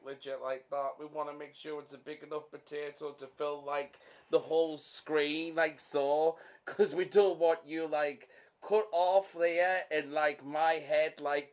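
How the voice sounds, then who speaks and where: A young man hosting a podcast in a casual chat. He rambles with lots of fillers and keeps breaking into fits of laughter. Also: fairly high pitch. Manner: rambling, full of "like" and "you know" fillers. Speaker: podcast host.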